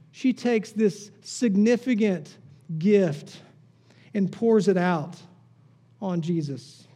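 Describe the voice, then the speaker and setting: A male pastor delivers a sermon in a fairly high, mellow voice with a husky edge. He leans on rhetorical questions, pushing some lines up emphatically and letting others sink low and quiet. The tone stays warm rather than bright. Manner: rhetorical questions, rising to emphatic peaks then dropping low.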